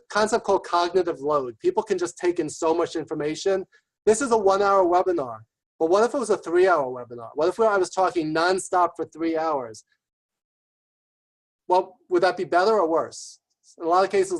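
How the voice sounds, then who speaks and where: A man giving a webinar presentation, talking quickly and enthusiastically and checking in with "right?" often. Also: on the high side, low-quality recording. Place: remote webinar.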